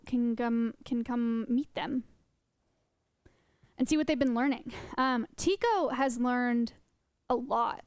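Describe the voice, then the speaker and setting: A woman's voice: sits high, clean tone, dry recording. A young woman live-streaming, chatting casually with her viewers in a rambling way. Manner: chatty, rambling, laughs often. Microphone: close desk mic.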